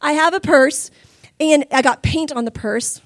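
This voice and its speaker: Brief: high-pitched woman preacher, animated storyteller, dry close sound. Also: measured pace, no echo. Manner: animated storytelling, laughing and crying through stories. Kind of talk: sermon testimony.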